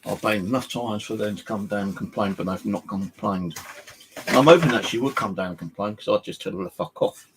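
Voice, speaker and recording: A man's voice: fairly low pitch, a little fast, a little hiss or hum. A man, talking casually to camera at home, rambling and swearing in an aggrieved way. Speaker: vlogger. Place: home flat indoors.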